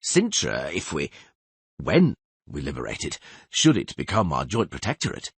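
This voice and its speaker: A man's voice: very deep voice, wildly swooping pitch, normal speed, gravelly, slightly rough, dry recording, voice pushed down, heavily acted. A man voicing a calculating, sardonic king in an audiobook. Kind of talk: audiobook character voice.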